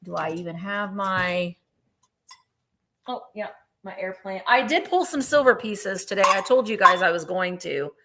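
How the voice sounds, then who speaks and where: A woman's voice: medium pitch, animated, measured pace, heavy background noise. A woman hosting a live online vintage sale, chatting and gushing over each piece while counting down bids. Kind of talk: live online sales chat.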